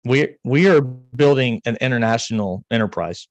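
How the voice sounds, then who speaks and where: A man's voice: medium pitch, animated, normal speed, no echo, poor audio. Joking rambling American man, dry mic. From United States. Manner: joking, rambling, swears casually. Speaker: podcast co-host. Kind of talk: casual chat.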